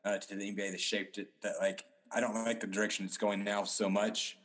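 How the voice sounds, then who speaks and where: A man's voice: on the low side, little pitch movement, a little fast, fairly bright tone. A man in casual basketball talk on a podcast, rambling with many restarts and fillers.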